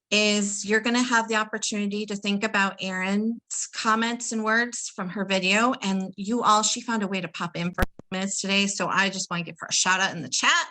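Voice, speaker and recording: A woman's voice: medium pitch, pushed and bright, poor audio. A woman hosting a webinar over a video call, enthusiastic and addressing the audience as "y'all". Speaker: webinar host.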